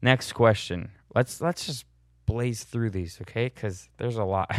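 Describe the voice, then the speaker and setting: A man's voice: on the low side, unhurried, dry recording, clean studio sound. A young man casually answering viewer questions in a blunt, sardonic way, chuckling at his own jokes. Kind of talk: casual Q&A monologue.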